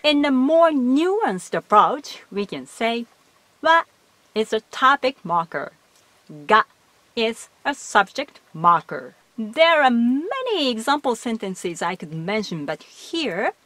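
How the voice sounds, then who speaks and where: Woman teacher, slow careful explaining, lively up and down pitch. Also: no room sound. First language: Japanese. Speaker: language teacher. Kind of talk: explanatory lesson.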